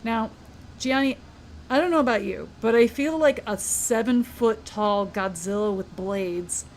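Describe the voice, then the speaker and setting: A woman's voice: on the high side, a little slow, slight background noise. A woman co-hosting a podcast, casually retelling a book's plot and acting out the characters' lines. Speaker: podcast co-host. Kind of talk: casual book discussion.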